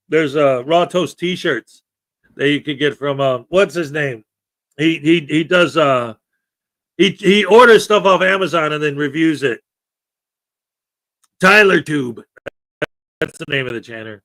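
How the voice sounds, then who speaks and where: A man's voice: on the high side, animated, measured pace, pauses often, sharp tone. A man hosting a casual morning live stream, chatty and self-deprecating as he greets viewers.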